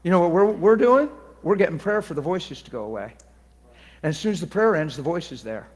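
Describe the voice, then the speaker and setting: A man preaching a testimony sermon, moving between hushed confiding and loud, excited preaching. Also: high voice, a little fast. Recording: long reverberant hall.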